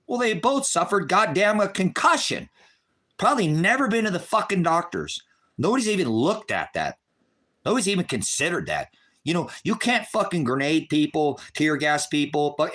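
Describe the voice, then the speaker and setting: A middle-aged man ranting to his viewers, cursing heavily and swinging between shouted outbursts and low bitter muttering. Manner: heavy cursing, bitter and raging. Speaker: online ministry broadcaster. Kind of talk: angry unscripted rant to viewers.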